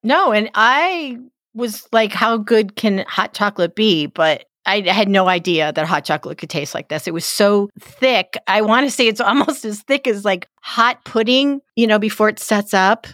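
A woman's voice: medium pitch, animated, normal speed, fairly bright tone, dry recording, studio quality. Enthusiastic woman podcast co-host. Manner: enthusiastic, laughs often. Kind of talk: casual travel chat.

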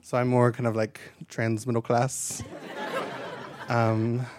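A man's voice: medium pitch, monotone, takes it slowly, noisy background. A man doing a stand-up comedy set on a live stage into a handheld mic, chatty and self-deprecating with lots of asides.

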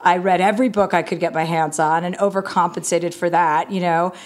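A woman's voice: on the low side, fairly even intonation, brisk. A woman comedian, a guest in a casual interview, telling candid stories, acting out quoted conversations and using many fillers like "you know".

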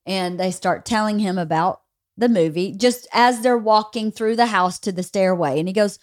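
A woman's voice: mid-range voice, moderate pace. A woman in her forties hosting a podcast, chatting casually and acting out her family members as she tells stories. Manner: animated storytelling, acts out family members. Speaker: podcast host. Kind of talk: casual chat.

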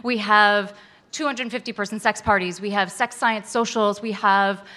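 A woman telling a frank personal story to a live audience, animated and laughing often. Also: mid-range voice, normal speed.

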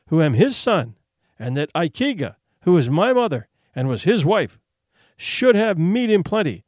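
A proud boy addressing the council in stately, old-fashioned speech, played by a man reading the tale. The voice sits fairly high and swings widely in pitch. The sound is close and dry. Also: dry recording. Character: bold proud boy hunter, solemn.

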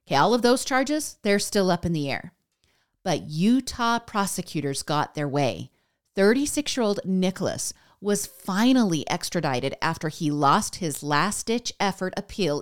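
A woman hosting a podcast, reading a scripted news recap in a chatty way and speaking straight to her listeners. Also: mid-range voice. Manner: chatty, addresses listeners directly. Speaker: podcast host.

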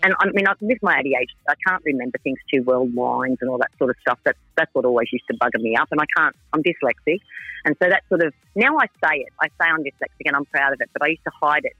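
A woman's voice: very deep voice, fast, pushed and bright, slightly rough, no echo, lo-fi sound, soft background music. A woman, chatting frankly and ramblingly as a reality TV contestant in a radio interview. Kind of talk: casual radio interview chat.

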